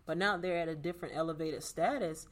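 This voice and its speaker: A man with a slightly higher voice speaks earnestly in a relaxed conversation. He sounds reflective and motivational. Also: fast. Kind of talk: casual conversation.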